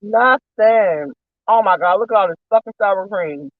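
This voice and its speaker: High-voiced man ranting on a stream. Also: measured pace, no echo, narrow, tinny audio. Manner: profane, ranting and venting. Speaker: live-stream host. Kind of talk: casual rambling live-stream chat while eating.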